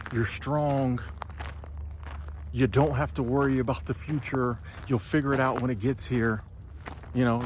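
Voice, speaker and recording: A man, hosting his own channel and delivering an impassioned motivational monologue, preachy and animated, sometimes stumbling over his words. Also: mid-range voice, a little hiss or hum. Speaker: channel host.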